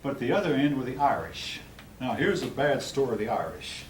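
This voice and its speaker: A man's voice: mid-range voice, big pitch swings, brisk, recorded from a distance. Older male history teacher, blunt and opinionated, recorded from across a roomy classroom with faint hum. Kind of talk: classroom lecture.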